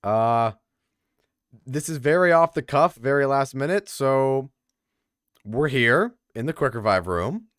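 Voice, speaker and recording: A man's voice: mid-range voice, measured pace, long pauses, dry recording, clean studio sound. A young man casually commentating a game tournament on a stream, chatting with viewers. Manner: chatty, lively, talks to the chat. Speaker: tournament caster.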